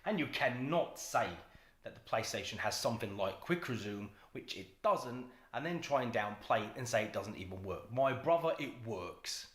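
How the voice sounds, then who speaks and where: A man's voice: medium pitch, lively intonation, moderate pace, a bit bright. Guy arguing his point, very insistent, echoey room sound. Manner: argumentative, insistent. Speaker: commentator in a played video. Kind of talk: opinionated video commentary. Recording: roomy echo.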